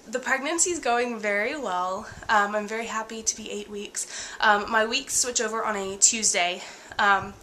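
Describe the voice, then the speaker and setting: A young woman vlogging casually about her pregnancy, sick with a cold and out of breath, talking candidly with many pauses and fillers. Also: medium pitch, pushed and bright, a little hiss or hum. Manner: tired, candid, many ums and likes.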